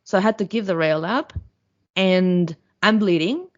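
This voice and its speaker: A woman's voice: fairly low pitch, measured pace, muffled recording. Blunt, profane woman telling a story. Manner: blunt, profane, animated retelling. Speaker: podcast guest, fan. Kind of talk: casual storytelling.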